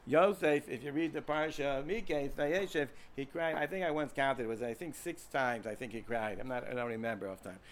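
A man's voice: medium pitch, a little fast, hardly any pauses. A man with an American accent giving an informal Torah lecture to students, rambling, repeating words and asking the class questions. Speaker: Torah teacher.

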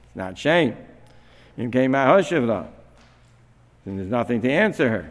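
A man's voice: mid-range voice, very animated, normal speed. A man giving a religious study lesson, thinking aloud, asking questions and often restarting his sentences. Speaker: Torah teacher. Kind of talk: Talmudic-style study lesson. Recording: long hall reverb.

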